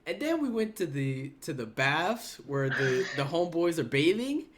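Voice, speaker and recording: This podcast host hosts a casual gaming show, and his voice sits fairly high at a normal speed. He's an animated storyteller who acts out quoted lines with sudden jumps in his voice.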